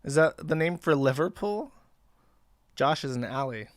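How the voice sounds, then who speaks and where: A man's voice: on the high side, animated, normal speed, dry recording, clean studio sound. A man hosting a livestream, reading posts aloud in casual commentary with a sarcastic, profane, mocking manner. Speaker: livestream host.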